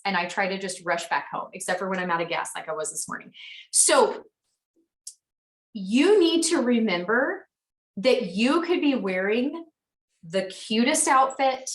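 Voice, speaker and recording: A woman's voice: mid-range voice, a bit bright. Chatty woman, echoey and distant. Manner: frank, chatty and encouraging. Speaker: sales team leader. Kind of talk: motivational team call. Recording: roomy echo, distant from mic.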